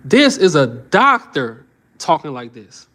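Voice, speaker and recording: Man, fairly high voice, fired-up live-stream commentary, preachy, repeats himself. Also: sing-song, takes it slowly, pushed and bright. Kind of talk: reacting to news on a live stream.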